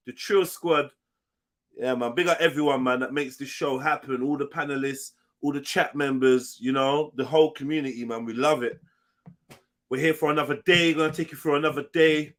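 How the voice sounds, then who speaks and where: Guy hosting a live stream, bright punchy voice, pitched a bit high, teasing and hyped. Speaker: live show host. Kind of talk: casual live-stream chat.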